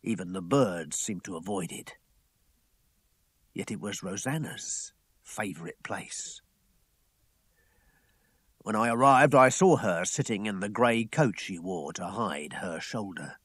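A man narrating an audiobook at an unhurried pace, his husky voice swinging widely in pitch. He moves from fuller passages to hushed ones. The take is dry and close. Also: no room sound. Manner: measured storytelling with expressive rises and hushed dips.

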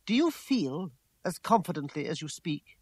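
A troubled young woman speaks in a raised, emotional, pleading way, voiced by a man reading aloud. The voice sits higher than his own, the delivery is tearful and proud, and the sound is dry with no room echo. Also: very animated, moderate pace, darkish tone. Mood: wary. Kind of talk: audiobook character voice.

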